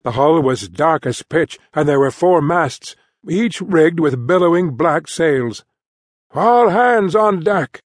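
A male audiobook narrator with a voice a little higher than most men's, reading in even, measured storytelling. He is recorded close in a dry studio booth. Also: no room sound. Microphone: close studio mic.

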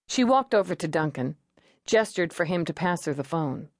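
A woman narrating an audiobook in a measured, expressive reading voice. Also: on the low side, dry recording, studio quality.

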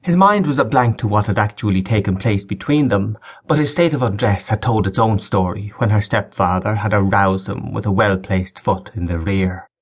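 A man giving a measured, dramatic audiobook narration of a historical romance. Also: lowish voice, breathy edge. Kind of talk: scripted narration.

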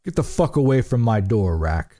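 A man's voice: on the low side, big pitch swings, moderate pace, warm tone. A man voicing a hard, surly male biker who growls and snarls his lines. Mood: snarling.

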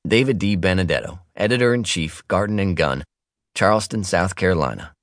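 Deep, lively male audiobook narrator. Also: brisk, dry recording, clean studio sound. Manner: wry, expressive reading with playful asides. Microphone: close studio microphone.

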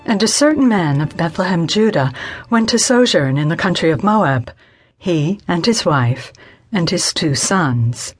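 A woman narrating scripture in an audiobook with a measured, solemn reading. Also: on the low side, animated, slightly rough, faint music behind.

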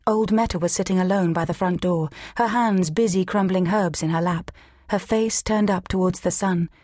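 A woman narrating an audiobook in a measured, steady reading. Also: lowish voice, no echo, clean studio sound. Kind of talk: scripted narration.

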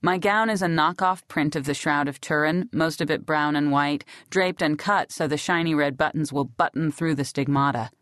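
Woman audiobook narrator, low voice, sardonic deadpan reading, dry studio sound. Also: normal speed, hardly any pauses, no echo. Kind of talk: scripted first-person narration.

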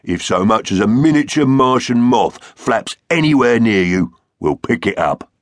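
A man voicing a gruff, dependable male iguanodon engineer in a children's audiobook. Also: medium pitch, expressive, normal speed, no echo, voice pushed up, close to an everyday voice. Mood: reporting. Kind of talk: audiobook character voice. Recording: dry studio sound.

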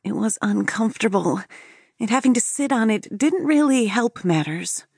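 Breathy, mellow female audiobook narrator. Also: a little high, lively intonation, normal speed, no echo, clean studio sound. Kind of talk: first-person scripted narration.

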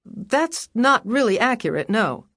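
A woman's voice: a little high, very animated, unhurried, fairly bright tone, dry recording, pitched above the performer's own voice, full character voice. Guarded female witness, read by a woman narrator; short, clipped replies, dry close sound. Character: tense female former TV reporter on the witness stand. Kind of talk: audiobook character voice.

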